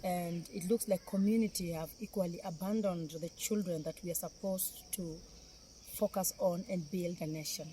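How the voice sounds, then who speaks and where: This philanthropist, a middle-aged woman with a Kenyan accent, speaks on camera in a heartfelt, emotional appeal full of repeated phrases for emphasis. Her lowish, warm voice has fairly even intonation at normal speed. There is a little hiss or hum.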